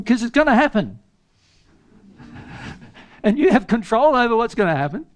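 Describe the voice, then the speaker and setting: Emphatic higher-voiced man teaching a seminar. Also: very animated, a little fast, long pauses. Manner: emphatic, rhetorical questions, chuckling asides. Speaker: spiritual teacher. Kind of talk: seminar talk.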